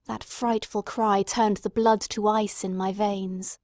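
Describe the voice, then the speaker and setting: A woman giving steady, dramatic scripted narration of an audiobook. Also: medium pitch, slow, no echo, clean studio sound.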